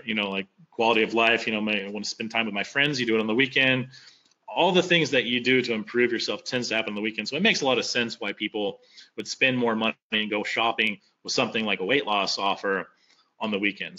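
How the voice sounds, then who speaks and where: A man's voice: medium pitch, sharp tone. A man presenting a casual teaching webinar over a video call, loose and conversational, full of "you know" fillers and rhetorical questions. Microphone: computer mic on a video call. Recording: dull lo-fi online call audio.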